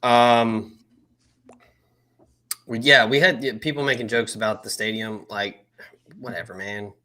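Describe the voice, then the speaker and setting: A man co-hosting a podcast, talking sports in an energetic, slangy, emphatic way. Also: medium pitch, a little slow. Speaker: podcast co-host. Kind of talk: casual sports chat.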